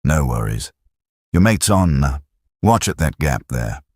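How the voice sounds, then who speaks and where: A cheeky young private full of dry teasing jokes, put on by a man narrating a war story. His voice lifts above the narrator's low register and moves lively. The audio is close and dry. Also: unhurried, breathy edge, dry recording, heavily acted. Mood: friendly. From Sheffield, England.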